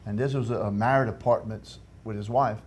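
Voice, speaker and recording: A man, a former player, telling a lively anecdote as a studio guest. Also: fairly low pitch, brisk, breathy edge. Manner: lively storyteller, acts out quotes. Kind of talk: storytelling anecdote.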